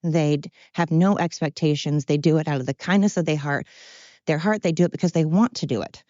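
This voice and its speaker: A woman's voice: low voice, fairly quick, dark tone, no echo, muffled recording. A woman hosting a podcast, talking in a rambling, blunt, self-deprecating monologue while walking uphill. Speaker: podcast host. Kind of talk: candid monologue.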